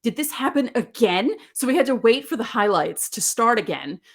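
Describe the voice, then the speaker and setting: A woman in her forties hosting a podcast alone, telling sports memories in an animated, candid way. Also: fairly high pitch, moderate pace. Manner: animated, candid storytelling with laughs. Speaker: podcast host. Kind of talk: casual solo podcast talk.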